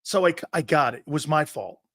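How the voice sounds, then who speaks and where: A middle-aged man hosting a sports talk show, a brash, loud storyteller who acts out the quotes. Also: a little high, expressive, brisk, gravelly, no room sound, clean studio sound.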